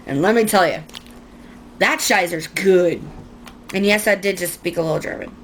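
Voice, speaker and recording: A woman's voice: mid-range voice, quick pace, slight background noise. A young woman chatting casually through a makeup tutorial at home, rambling and self-mocking. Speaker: beauty vlogger.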